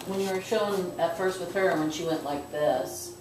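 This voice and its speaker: Woman class participant, low voice, casual questions, heard far off in an echoey room. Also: moderate pace. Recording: echoey room, mic far off, background noise.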